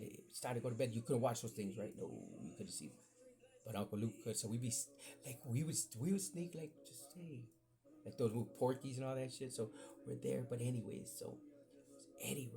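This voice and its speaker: A man telling a rambling childhood story in a casual, animated way, full of asides and swearing. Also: medium pitch, vocal fry. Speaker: podcast storyteller.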